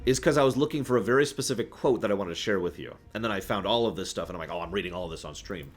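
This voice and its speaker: A man's voice: on the low side, animated, rapid-fire. A man streaming, reading game lore aloud and chatting with viewers in between. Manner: chatty, reads aloud and greets chat.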